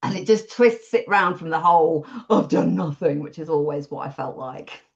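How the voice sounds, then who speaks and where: A woman chatting openly about her freelance work in a relaxed interview, self-deprecating and quick to laugh. Her voice sits a little low. The audio is dull and lo-fi, like a remote call. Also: vocal fry. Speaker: WordPress support freelancer, podcast guest. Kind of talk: casual interview chat.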